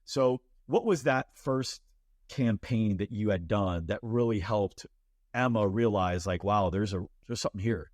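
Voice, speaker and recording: A man's voice: fairly low pitch, unhurried, darkish tone, no echo, clean studio sound. Playful man hosting an interview. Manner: playful, laughs often. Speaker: podcast host. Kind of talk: casual interview.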